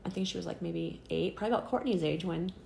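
A woman's voice: on the low side, quick pace, creaky, warm tone, reverberant, slight background noise. A middle-aged woman telling a personal faith story in casual conversation. She is earnest and chatty, with many fillers, and acts out the voices she quotes. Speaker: interviewee.

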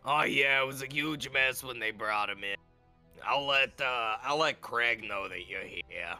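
A man voicing a gruff elderly woman clerk at a morgue desk, barking loudly. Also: medium pitch, unhurried, soft background music.

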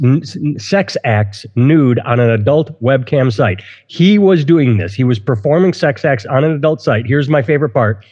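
A man's voice: medium pitch, darkish tone, in a large hall. A man hosting a podcast, chatting casually and wryly about odd news stories and reading out quotes. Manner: wry, amused, reads out quotes. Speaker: podcast host. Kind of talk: casual comedic news chat. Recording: slightly dull lo-fi sound.

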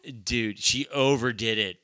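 A man's voice: medium pitch, a little slow, pushed and bright, smooth, dry recording. A man co-hosting a casual movie podcast, blunt and profane, ranting in mock outrage. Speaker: podcast co-host.

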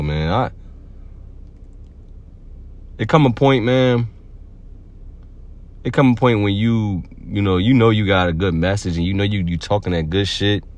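Low-voiced man giving a loose slangy pep talk. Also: darkish tone. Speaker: podcast host. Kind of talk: casual motivational monologue.

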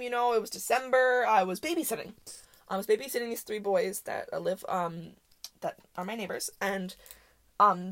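A young woman hosting a podcast, telling chaotic stories from school in a casual, animated way, acting out the people she quotes. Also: mid-range voice. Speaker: podcast host. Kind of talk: casual storytelling.

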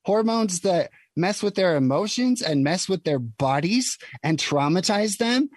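A man's voice: high voice, animated, unhurried, no room sound. A man from Utah giving an emphatic, indignant opinion monologue, full of ums and you-knows. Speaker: political commentator.

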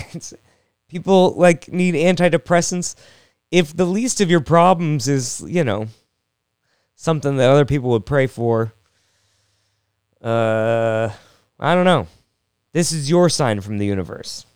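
A man's voice: on the high side, measured pace, pauses often, a little mellow, clear, resonant tone, no echo, studio quality. A young adult man, a comedian, talking through a rambling, self-deprecating solo podcast monologue full of jokes and restarts.

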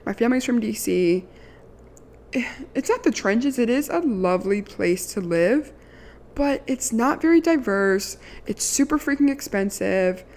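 A woman's voice: on the high side, animated, unhurried, darkish tone. A woman in her early twenties from Maryland, telling a candid, sassy storytime with casual profanity and a lot of "like". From Maryland, USA. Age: 20s.

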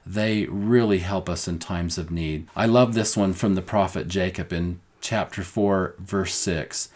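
Earnest man teaching scripture, lowish voice. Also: a little mellow. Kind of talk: gospel lesson with quoted talk.

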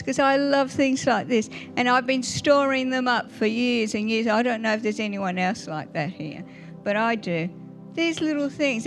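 An older woman, telling family stories in a Mother's Day church talk and often asking the congregation questions. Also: on the high side. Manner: warm storytelling with little laughs, asks the audience questions. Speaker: guest speaker at church.

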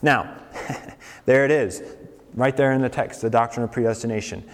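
A man preaching a sermon, animated, who jumps into a raised mocking voice when he acts out people who object. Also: medium pitch, moderate pace. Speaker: campus preacher. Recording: long hall reverb.

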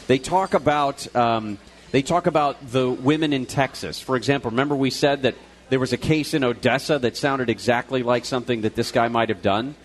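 A man's voice: mid-range voice, brisk. A male radio co-host talking live from a restaurant, retelling a news story in a loose, conversational way with fillers and restarts.

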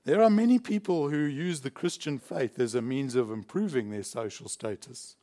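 A man's voice: medium pitch, moderate pace, warm tone. A man from South Africa preaching a sermon in a church, emphatic and chuckling between points. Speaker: pastor.

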